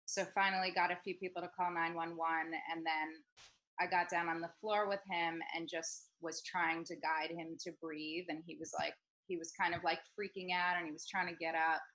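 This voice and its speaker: A woman's voice: fairly low pitch, little pitch movement, normal speed, a bit bright, rough recording. A woman hosting an online group talk, telling a story with many ums and restarts. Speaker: host of a group discussion. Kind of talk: casual storytelling. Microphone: video call.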